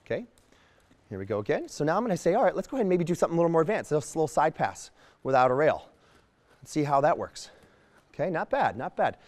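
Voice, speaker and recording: A man teaches as he works a horse, talking quickly and now and then voicing what the horse seems to think. His voice sits a little high. The sound carries a long, echoing reverb. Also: sing-song, darkish tone. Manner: explains while working, voicing the horse's thoughts. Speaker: horse trainer. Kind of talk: outdoor training demonstration.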